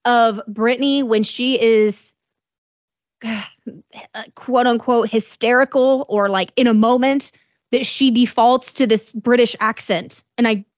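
A woman's voice: fairly high pitch, fairly even intonation, slow, no room sound. A woman co-hosting a podcast, chatting about celebrity news in a curious manner that trails off. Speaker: podcast co-host. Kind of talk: casual gossip chat.

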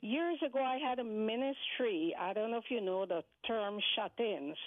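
A woman's voice: a little high, moderate pace, dry recording. Radio caller, female, Guyanese accent, phone-line sound, dry, respectful "yes, sir" manner. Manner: polite and earnest, says "sir".

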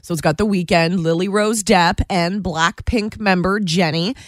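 A woman's voice: on the low side, fairly even intonation, measured pace, no room sound, studio quality. A woman co-hosting a radio show, chatting playfully about entertainment news and laughing often. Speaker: radio co-host. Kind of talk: casual entertainment news chat.

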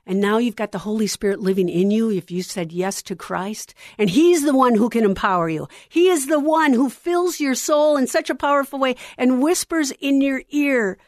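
A middle-aged woman with a fairly high voice hosts a Christian radio show. She talks earnestly and intimately, letting her voice sink to a hush on the softest lines. The sound is close and dry, like a studio mic with no room around it. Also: normal speed, few pauses, no echo. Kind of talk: heartfelt on-air testimony.

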